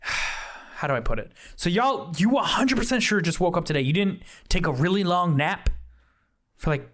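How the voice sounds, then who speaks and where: A man's voice: high voice, expressive, normal speed, fairly bright tone, slight background noise. A man voicing a frazzled young male ex-plant-shop worker in a tabletop role-play, rambling and flustered, talking in bursts. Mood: earnest.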